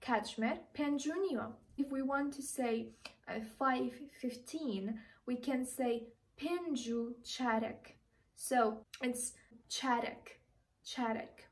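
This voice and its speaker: A young woman from Iraqi Kurdistan teaching an online language lesson, speaking slowly and repeating each word with care. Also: sits high, distant mic, rough recording. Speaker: language tutor.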